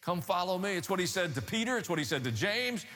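A man preaching in a somewhat high, forceful voice that rings out with a long hall reverb. He tells the story with animated emphasis and rhetorical asides, and he sounds like a preacher working through a passage in a sermon. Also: fast.

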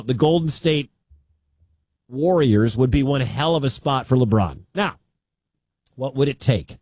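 A man's voice: medium pitch, dry recording. A man hosting a sports radio show, talking in an emphatic way and repeating his key points.

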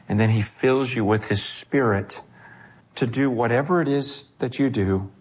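Animated man preaching a sermon. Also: medium pitch, husky. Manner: animated, swings from hushed to raised and quick. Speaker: pastor.

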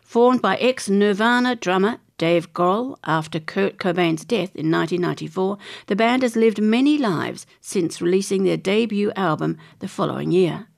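Australian woman, gravelly fry, reads celebrity news aloud and chimes in chattily. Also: mid-range voice, moderate pace, few pauses. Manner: chatty, chimes in with her own opinions between read passages. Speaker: presenter reading entertainment news. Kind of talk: reading magazine articles aloud with casual asides.

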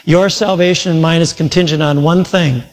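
A male pastor preaching a sermon, retelling a story full of quoted speech, his pace shifting between slow and quick. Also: a little high, fairly even intonation. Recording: long hall reverb.

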